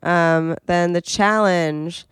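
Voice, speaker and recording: A woman's voice: on the low side, steady tone, extremely slow, clean tone, dry recording, studio quality. A young woman co-hosting a podcast, chatting casually about a reality show with lots of fillers. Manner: chatty, filler-heavy, quotes people in put-on voices. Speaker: podcast co-host.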